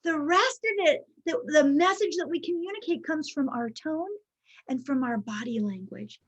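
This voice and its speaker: A woman giving a live workshop talk over a video call, teaching in a lively way and often checking in with "right?". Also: high-pitched. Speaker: workshop presenter. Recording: muffled video-call audio.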